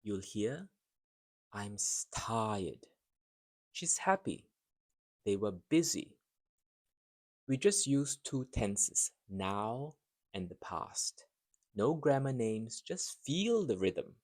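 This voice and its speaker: Very slow, deliberate male English teacher. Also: on the low side, big pitch swings, a little mellow. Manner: deliberate, clearly spaced phrases for learners to repeat. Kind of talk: slow repeat-after-me language drill.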